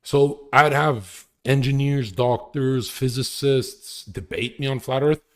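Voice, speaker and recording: A man's voice: medium pitch, slow. A young man ranting casually on a live stream, crude and boastful, laughing often as he talks. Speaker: livestreamer.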